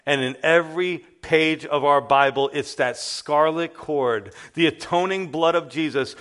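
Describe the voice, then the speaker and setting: An earnest male preacher delivers a sermon full of emphatic storytelling. His voice sits somewhat high for a man. He stumbles and restarts now and then as he tells the story. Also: fairly bright tone.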